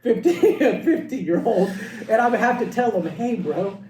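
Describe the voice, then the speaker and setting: A man co-hosting a casual podcast, talking in an animated way, laughing and saying bro a lot. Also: very high voice, moderate pace, roomy sound, far from the mic. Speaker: podcast co-host.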